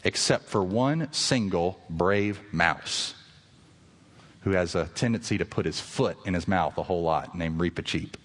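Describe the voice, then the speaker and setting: A man pastor delivering a sermon to his congregation, earnest and rising to emphatic peaks. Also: unhurried. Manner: earnest preaching that swells to emphatic highs. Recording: long reverb of a large hall.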